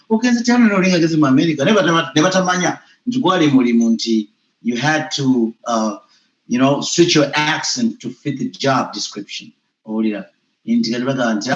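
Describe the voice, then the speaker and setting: A Ugandan man, a teacher, a guest on a call, arguing his points in an animated, insistent way. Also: medium pitch, quick pace. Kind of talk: casual debate mixing Luganda and English. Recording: dull, echoey room sound.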